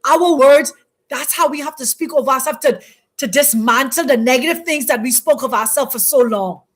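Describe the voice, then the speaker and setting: A high-pitched woman hosts a talk on spiritual teachings. She preaches with strong emphasis, lingering on phrases and repeating them.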